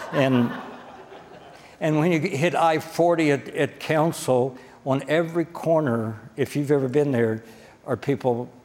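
A man's voice: medium pitch, darkish tone. A man preaching a sermon in a church sanctuary, speaking in a folksy, direct way and often checking in with the congregation. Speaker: pastor. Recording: long church-hall reverb.

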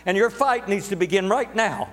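A man's voice: high voice, moderate pace, a bit bright, in a large hall. A man preaching a sermon to a congregation, emphatic and repetitive, drawing words out for stress. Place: church sanctuary.

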